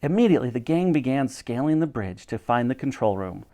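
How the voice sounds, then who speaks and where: Male storyteller, animated, lively pitch, dramatic reading. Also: a little fast. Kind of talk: reading a children's book aloud.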